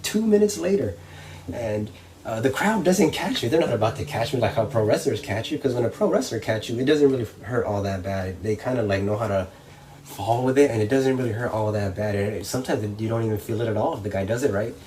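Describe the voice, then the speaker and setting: Animated young man telling a wrestling story. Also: on the low side, quick pace. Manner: animated, acts out voices and crowd reactions. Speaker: professional wrestler. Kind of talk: casual storytelling. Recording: slightly distant mic, faint background noise.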